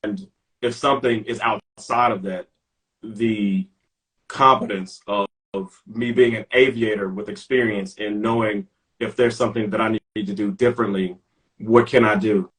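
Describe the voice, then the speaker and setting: A man's voice: on the low side, fairly even intonation, normal speed, a bit bright, rough recording. A middle-aged man from Memphis, an airline captain talking carefully and precisely in a casual interview. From Memphis, Tennessee. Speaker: airline captain, retired Navy officer. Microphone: video call.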